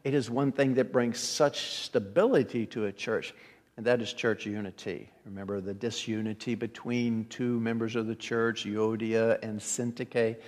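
A man preaching an evening sermon to his church in a relaxed, conversational way, often restarting his words. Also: medium pitch, normal speed, big-room sound. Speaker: pastor.

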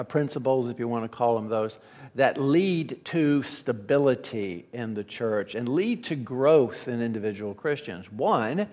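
A man preaching an evening sermon to his church in a relaxed, conversational way, often restarting his words. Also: mid-range voice, big-room sound. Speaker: pastor.

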